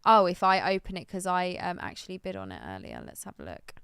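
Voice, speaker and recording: A woman's voice: fairly low pitch, wildly swooping pitch, fast, vocal fry, a bit bright, clean tone, no room sound, clean studio sound. A woman co-hosting a live stream, chatting casually and thinking aloud with plenty of ums. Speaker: stream co-host.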